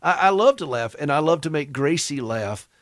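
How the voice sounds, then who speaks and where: A man's voice: on the high side, lively intonation, normal speed, no room sound, clean studio sound. A man hosting a Christian talk show. He jokes and chats in a folksy way. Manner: folksy and joking. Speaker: radio talk show host. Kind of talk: warm humorous talk-show chat.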